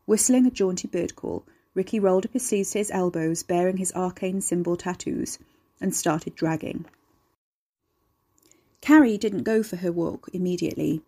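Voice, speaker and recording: A woman narrates a dark storybook tale with a steady, measured reading. Her voice is low in pitch and husky in texture, keeping an even storytelling pull.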